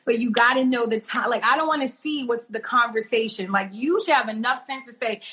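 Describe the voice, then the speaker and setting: Animated high-voiced woman guest. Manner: animated, rapid storytelling. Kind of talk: casual chat over video call.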